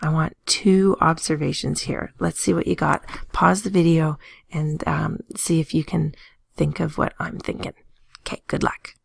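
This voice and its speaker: Woman math teacher, low gravelly voice, playful, dry close mic. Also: flat delivery, moderate pace, no echo. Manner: playful, sings little tunes and jokes. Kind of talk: recorded classroom lesson.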